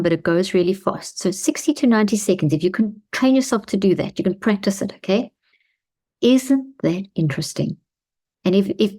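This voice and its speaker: A woman hosting a self-help talk, speaking calmly and slowly with a reassuring tone and repeated phrases. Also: lowish voice. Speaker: host.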